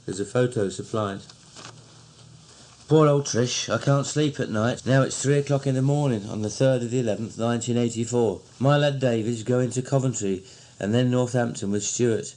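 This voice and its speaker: A man with a Cockney accent, slowly and fondly recounting old memories in a recorded diary. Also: mid-range voice, darkish tone. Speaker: narrator.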